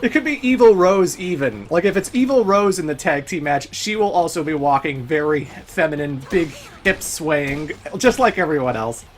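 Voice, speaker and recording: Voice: medium pitch, animated, moderate pace, hardly any pauses, faint music behind. A let's play host giving casual, chatty gameplay commentary, laughing often and swearing now and then.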